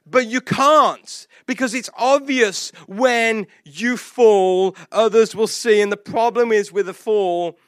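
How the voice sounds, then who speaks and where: A man preaching a sermon, retelling a Bible story with animated acted-out quotes and lots of casual "like" fillers. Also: high-pitched, slow, hardly any pauses, no echo, studio quality. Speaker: pastor.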